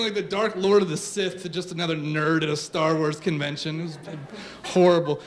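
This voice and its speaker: High-voiced comic storyteller, man. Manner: animated, self-mocking, comic. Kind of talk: live storytelling on stage. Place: stage at a storytelling show.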